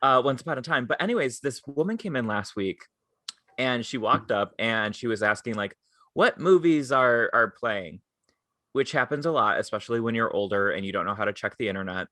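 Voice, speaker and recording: Young male podcast co-host, animated storyteller who does voices for people he quotes, bright tone, dry close mic. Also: medium pitch, fairly quick, no echo. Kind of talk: casual chat.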